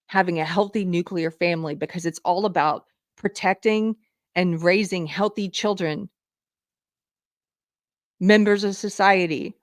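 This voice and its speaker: A woman's voice: lowish voice, no room sound, clean studio sound. Indignant Southern woman hosting a show. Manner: indignant, emphatic, reads items from a list. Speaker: livestream show host. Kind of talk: live political commentary.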